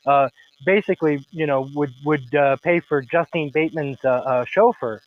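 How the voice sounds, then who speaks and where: A man hosting a film podcast, talking in a rambling, halting way with many restarts. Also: fairly high pitch, dry recording, muffled recording. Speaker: podcast host. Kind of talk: casual discussion.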